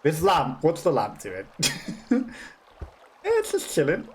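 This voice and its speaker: A man's voice: fairly high pitch, huge pitch swings, slow, darkish tone, slight background noise. A young man with a Black Country accent, chatting and laughing at himself while streaming a game. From West Midlands, England. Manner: chatty, self-mocking, laughs often. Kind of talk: casual gameplay commentary.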